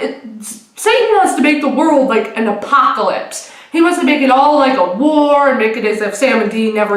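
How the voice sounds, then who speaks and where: A young woman recaps a TV finale in a casual, rambling way, swearing and restarting as she goes. Her voice sits somewhat high, and the room around her is echoey. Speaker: vlogger. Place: room at home.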